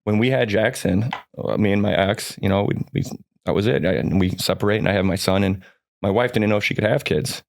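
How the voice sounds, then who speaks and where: A man's voice: lowish voice, a little fast, gravelly. A man in his forties, a podcast guest, telling personal stories in an earnest, upbeat, rambling way with many restarts. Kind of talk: personal storytelling in a podcast chat.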